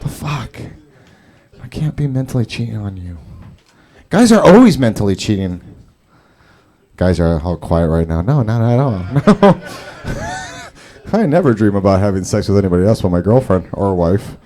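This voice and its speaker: A man's voice: on the low side, animated, normal speed, long pauses, dark tone. A man doing open mic stand-up, rambling and profane, laughing at his own jokes. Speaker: stand-up comedian. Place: comedy club stage.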